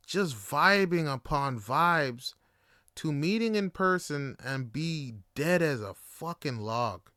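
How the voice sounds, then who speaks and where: Young male podcaster, bright and smooth voice, rambling casual storytelling, very dry sound. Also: fairly high pitch, dry recording. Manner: rambling, filler-heavy, animated. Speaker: podcast host.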